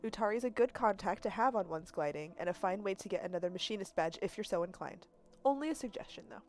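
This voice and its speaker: Woman reading as a gentle guardian woman. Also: medium pitch, lively intonation, fast talker, slight background noise, natural voice. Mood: tender farewell. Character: gentle older woman guardian giving farewell. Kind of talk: reading game dialogue aloud on stream.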